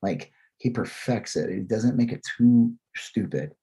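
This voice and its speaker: A young American man co-hosting a podcast, chatting casually and jokily about movies. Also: a little slow. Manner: animated, jokey, breaks into high silly voices. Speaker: podcast co-host. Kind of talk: casual chat.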